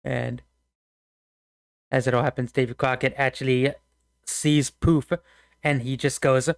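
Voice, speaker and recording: A man's voice: medium pitch, little pitch movement, measured pace, vocal fry, pauses often, smooth, no echo, studio quality. A man narrating a tabletop game as game master, rambling and laughing often.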